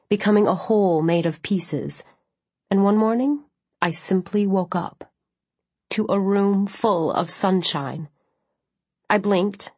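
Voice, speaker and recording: A woman reading a first-person novel aloud as an audiobook narrator, with measured, steady delivery. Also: fairly low pitch, no echo.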